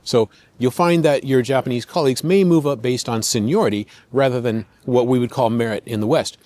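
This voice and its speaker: A man's voice: medium pitch, brisk, a little mellow. American man explaining in a chatty way. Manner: conversational, lists points, acts out quotes. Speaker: podcast host. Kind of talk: explanatory commentary.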